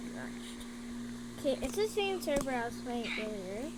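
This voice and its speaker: A woman's voice: sits high, very animated, moderate pace. A young woman doing casual commentary on a game, jumpy and frightened, often repeating herself. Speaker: gaming video creator. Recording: loud background noise.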